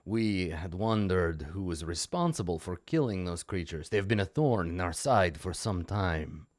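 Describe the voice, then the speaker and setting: A man's voice: sits low, expressive, no room sound, studio quality. A man voicing a formal, menacing male monster clan lord in a tabletop game. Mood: ominously polite. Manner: formal, slow, menacing politeness. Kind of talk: tabletop game role-play.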